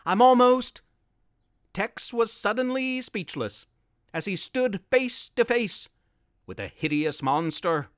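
A male storyteller reads a spooky tale at an unhurried pace. His voice is fairly high and swings widely in pitch, with a dry, close sound. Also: no room sound. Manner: expressive, unhurried reading. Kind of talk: storybook narration.

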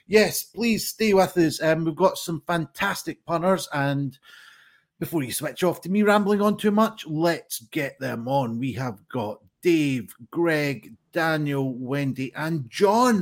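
A man hosting a live-streamed pun contest in a chatty, rambling way, with lots of ums, over a video call. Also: fairly high pitch. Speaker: game show host.

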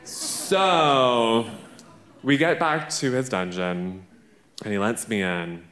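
A man's voice: medium pitch, slow pace, a bit bright. A man, a drag performer, telling a playful, brash and profane story live on a theater stage. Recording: echoey theater stage recording.

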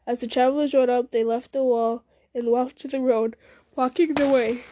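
Mellow-voiced woman reading a story aloud. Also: sits high, normal speed, a little hiss or hum. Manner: steady, with small slips and restarts. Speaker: story reader. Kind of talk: reading a fantasy novel aloud.

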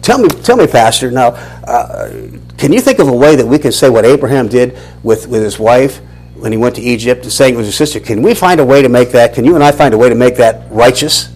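A man's voice: medium pitch, a little fast, breathy edge, low-quality recording. A man, teaching a Bible lesson as a sermon, questioning and restarting often. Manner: animated, questioning, many restarts.

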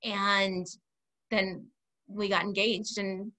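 Bright-voiced woman sharing a heartfelt story. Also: mid-range voice, little pitch movement, drawn-out words. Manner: earnest, reflective retelling. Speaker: podcast guest. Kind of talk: casual storytelling in an interview.

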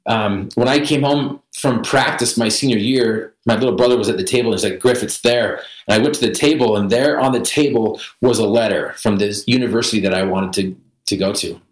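Guest storyteller: a man with a slightly low voice, wry and vivid, recorded in a reverberant room. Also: fairly quick. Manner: vivid storyteller with self-deprecating humor. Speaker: podcast guest. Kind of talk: personal storytelling in an interview.

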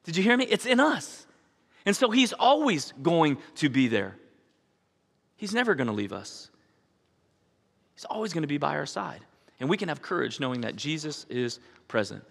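A man's voice: a little high, big pitch swings, normal speed, vocal fry, pauses often. A middle-aged man preaching a sermon as pastor, telling stories animatedly, acting out voices and asking the congregation questions. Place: church sanctuary. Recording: long hall reverb.

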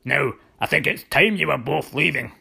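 Man putting on a surly Scottish lighthouse keeper, growling, gravelly, husky, storybook. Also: a little high, lively intonation, normal speed, bright, forceful tone, voice pushed up, full character voice. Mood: sharp. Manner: curt, hostile, grumbling. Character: huge gruff middle-aged male lighthouse keeper, surly. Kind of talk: storybook narration.

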